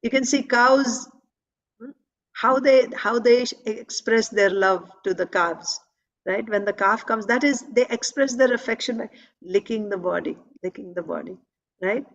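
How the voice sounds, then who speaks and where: A woman with a fairly high voice leads a devotional scripture class. She reads a passage and then explains it, repeating key phrases and checking in with "right?". The recording sounds dull and lo-fi. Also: measured pace. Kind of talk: devotional scripture reading and commentary.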